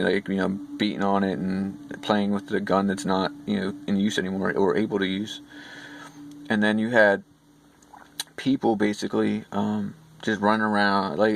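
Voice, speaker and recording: A man's voice: lowish voice, vocal fry, slight background noise. A man casually retelling a vivid dream, rambling, with many fillers and restarts. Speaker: vlogger recounting dreams. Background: background music.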